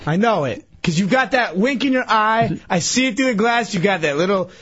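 A man with a husky, high voice complains and protests indignantly in casual banter. His pitch leaps up and down, and the recording sounds dull and lo-fi. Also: animated, brisk, a bit bright. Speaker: cast member.

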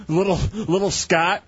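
Man doing a halting young jock dude. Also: breathy edge, full character voice. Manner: low, halting bro drawl with fillers. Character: young male ex-football-player bro, nervous. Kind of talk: improvised comedy sketch. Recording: lo-fi radio studio with faint music.

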